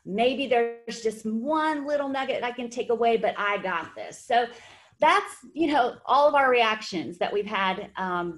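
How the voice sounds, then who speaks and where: A woman's voice: medium pitch, fairly bright tone. A woman hosting a webinar for fitness trainers, with an upbeat, encouraging, conversational manner. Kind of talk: webinar presentation.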